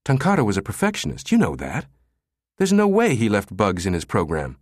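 A man reading the part of a sharp, analytical female cryptographer who argues insistently. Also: fairly low pitch, huge pitch swings, brisk, no room sound, studio quality. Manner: arguing, insistent.

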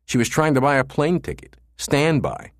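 A man's voice: medium pitch, big pitch swings, normal speed, no echo, clean studio sound, pitched above the performer's own voice, close to an everyday voice. A man voicing a crude, cocky young male punk who swears and mocks, in a raised voice. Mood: mocking, brash. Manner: brash, swearing, mocking.

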